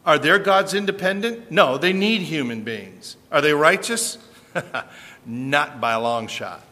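A man preaching a sermon in an animated way, firing rhetorical questions at his listeners. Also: fairly high pitch, slow, in a large hall.

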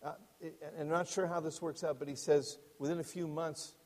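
Male pastor, high voice, animated storytelling sermon, echo of a big church. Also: normal speed. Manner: animated, dramatic, asides to the congregation. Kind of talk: sermon with read-aloud storytelling.

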